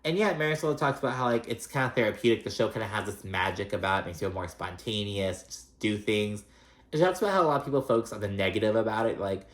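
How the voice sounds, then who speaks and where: A man's voice: fairly low pitch, fast talker. A man giving a casual, gossipy reality TV recap, chatty and profane with plenty of fillers. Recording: roomy echo.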